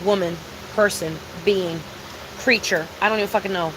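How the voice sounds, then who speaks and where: A woman's voice: medium pitch, fairly even intonation, normal speed, noisy background. A young woman talking to her live-stream viewers in a casual, confessional way, emphatic and full of swearing and repetition. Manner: confessional and emphatic, heavy swearing, repeats herself. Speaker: livestreamer.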